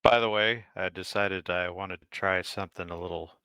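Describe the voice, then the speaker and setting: A man's voice: sits low, fairly even intonation, moderate pace, pushed and bright, clear, resonant tone, no room sound, studio quality. A man, a player in a tabletop game, chatting casually in an easygoing way. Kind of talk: casual tabletop session chat.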